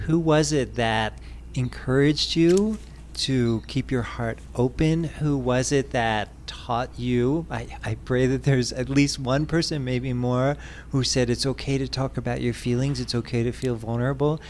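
Gentle, affectionate man hosting an interview. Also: mid-range voice, steady tone, measured pace, a little hiss or hum. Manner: gentle, affectionate, calls the guest dear and honey. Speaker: host. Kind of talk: conversational interview.

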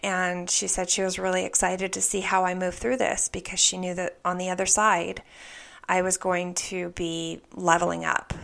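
A woman telling a personal spiritual story in an earnest, soft way, often dropping into a whisper. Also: on the low side, completely flat delivery, normal speed, vocal fry. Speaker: spiritual vlogger.

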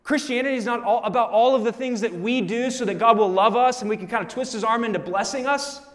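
Guy preaching to his church, pretty high voice, long echo from the hall, talks right to the people. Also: fast talker. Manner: casual, animated preaching with direct asides to the congregation. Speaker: pastor. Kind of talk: sermon.

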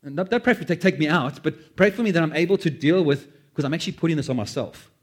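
Animated preacher man. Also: a little high, quick pace. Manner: animated, acts out quoted prayers, self-deprecating asides. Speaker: pastor. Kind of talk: sermon.

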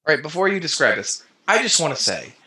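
A podcast co-host chimes in on a movie recap with wry corrections and deadpan jokes. The voice is bright and a little husky, with a lively, swinging pitch. The delivery stays casual and conversational. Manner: wry, dry asides and quick corrections.

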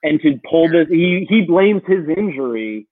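Podcast co-host, man, opinionated and profane, husky voice on a tinny phone-like line. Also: a little high, expressive, normal speed, dry recording. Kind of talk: casual sports podcast chat.

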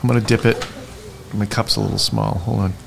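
A man co-hosting a casual beer tasting indoors, excited and laughing, swearing freely. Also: on the low side, a little fast, vocal fry, a little hiss or hum.

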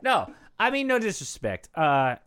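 Lively, joking male podcast co-host. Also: a little high, measured pace, a little hiss or hum. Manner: joking, laughs often, teasing then backpedaling. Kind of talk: casual podcast chat.

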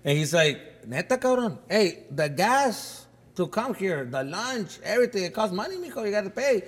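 A man co-hosts a comedy podcast and tells his stories with animation, dropping Spanish slang as he goes. His husky voice sits high and swings widely. A long reverb hangs behind him in the studio. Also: very animated, moderate pace. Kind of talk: casual chat, storytelling.

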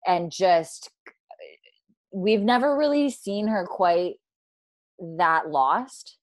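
A woman hosting a casual fan discussion, animated and acting out lines she quotes, with plenty of fillers. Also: medium pitch, very slow, no room sound. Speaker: podcast host.

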